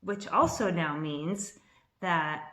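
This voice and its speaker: A woman in her fifties telling a personal story to camera in an excitable, rambling way, a little nervous, with restarts and bursts of laughter. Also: on the low side, takes it slowly. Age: 50s. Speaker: vlogger. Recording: echoey room.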